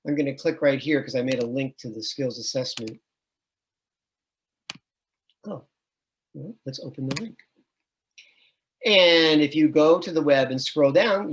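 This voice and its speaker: A middle-aged man gives an admissions webinar as a music education professor. His voice sits a little high for a man, and he explains patiently, breaking into sung and chanted syllables to demonstrate. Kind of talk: online admissions webinar presentation.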